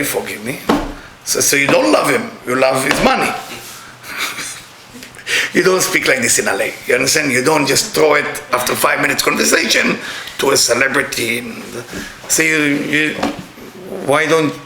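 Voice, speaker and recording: A middle-aged man with an Israeli accent, giving a spiritual talk with blunt, joking, animated storytelling. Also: mid-range voice, moderate pace, creaky, pauses often, reverberant, background noise. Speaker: kabbalah teacher.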